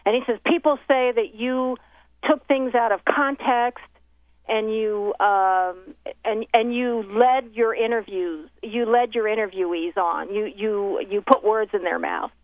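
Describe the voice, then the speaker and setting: A woman's voice: on the high side, unhurried. A woman recounting a professional story in casual conversation, acting out the voices of the people she quotes. The sound comes through a thin, tinny phone line. The recording is dry, with no room echo. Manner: animated retelling with many quoted exchanges and restarts. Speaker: documentary filmmaker telling her story.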